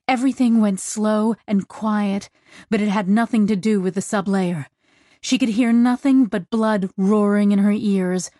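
A woman narrating an audiobook in an even, measured storytelling voice. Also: mid-range voice, dry recording, studio quality. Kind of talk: scripted narration.

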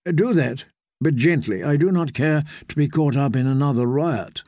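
A woman's voice: sits low, normal speed, mellow, no room sound, studio quality. A man voicing a haughty, scheming middle-aged queen who speaks in a cold, imperious, condescending way. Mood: scornful.

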